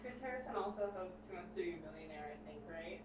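A woman's voice: fairly low pitch, lively intonation, fast talker. Woman in an echoey, noisy room. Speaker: podcast co-host. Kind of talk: casual chat. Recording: echoey room from far off with clear noise.

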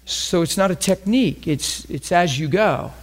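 Brief: male preacher, slightly raised pitch, emphatic, conversational teaching. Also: animated, moderate pace. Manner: emphatic, conversational, repeats phrases. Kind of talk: sermon teaching.

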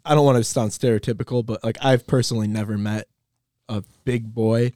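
A man's voice: mid-range voice, fairly even intonation, brisk, mellow, no echo, clean studio sound. A young man, a college student, chatting casually on a podcast, laid-back and laughing often. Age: young adult. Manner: laid-back, laughs often, loose filler-heavy phrasing. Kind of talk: casual chat.

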